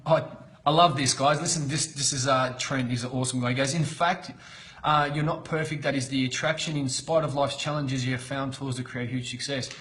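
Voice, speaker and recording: A man giving an unscripted motivational talk on a live stream, blunt and excitable, swearing constantly. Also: fairly high pitch. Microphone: computer webcam.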